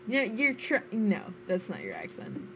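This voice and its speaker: A woman's voice: mid-range voice, wildly swooping pitch, measured pace, background noise. A young American woman streaming a game, chatting casually with friends, giggling and swearing playfully. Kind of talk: casual chat while gaming.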